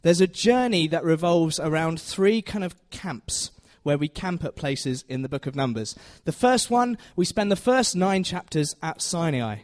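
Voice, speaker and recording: A man's voice: on the high side, lively intonation, normal speed, hardly any pauses. Chatty man teaching in church. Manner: chatty, self-deprecating, asks the audience questions. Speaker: preacher. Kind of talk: informal Bible teaching.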